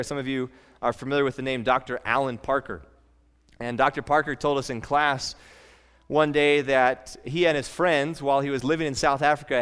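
A man's voice: fairly high pitch, fairly bright tone, smooth, big-room sound. A man preaching a sermon as pastor, earnest and conversational, often repeating words as he restarts a thought.

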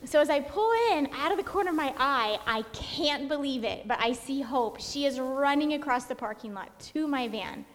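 A woman guest telling a personal story in an animated way, acting out what people said. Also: high-pitched, moderate pace, few pauses. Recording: long hall reverb.

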